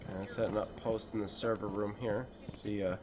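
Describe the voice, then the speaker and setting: Male co-caster, lowish voice, chatty play-by-play, self-correcting. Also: fairly even intonation, moderate pace, crowd noise. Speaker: esports co-caster. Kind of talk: casual play-by-play commentary.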